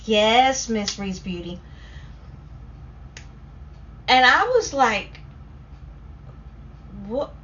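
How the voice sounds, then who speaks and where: Chatty Southern woman rambling on a livestream. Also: a little high. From Southern United States. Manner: rambling and excitable, talks in quick bursts. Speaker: livestream host reading chat comments. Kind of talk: casual story time chat. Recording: slightly dull lo-fi stream audio with faint noise.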